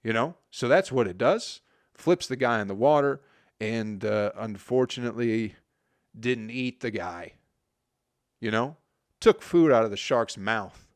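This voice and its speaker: Expressive and measured, a mid-range male voice carries a solo podcast over a dry, clean studio recording. He's a Michigander in his forties whose crude, profane ramble keeps trailing off into mumbles.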